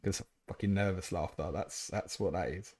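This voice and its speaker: Fast-talking, low-voiced man hosting a stream. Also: darkish tone, breathy edge. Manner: blunt, swears casually, quick answers. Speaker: fantasy football livestream host. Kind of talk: fast live Q&A reading chat questions.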